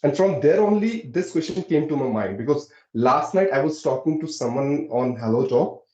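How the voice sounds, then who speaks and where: Indian man in an echoey lo-fi room. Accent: Indian English. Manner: earnest, lively pitch swings, many fillers. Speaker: host. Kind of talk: casual discussion. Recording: echoey, dull lo-fi room sound.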